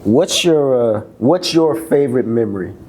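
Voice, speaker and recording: A man hosting a sports interview, putting in short, relaxed questions and quick replies. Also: mid-range voice. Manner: brief, relaxed questions and backchannel. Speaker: interview host.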